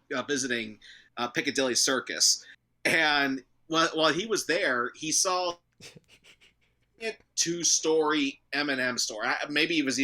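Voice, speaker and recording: A man's voice: fairly high pitch, sharp tone. A man co-hosting a casual talk show, joking around, laughing often and stumbling over his words. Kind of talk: casual podcast chat.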